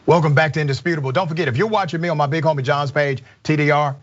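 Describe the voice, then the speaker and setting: A man hosting a live online talk show, reading viewer comments with energetic, emphatic, repetitive delivery. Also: fairly high pitch, very fast, dull audio, soft background music. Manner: energetic, emphatic, repeats himself. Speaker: show host.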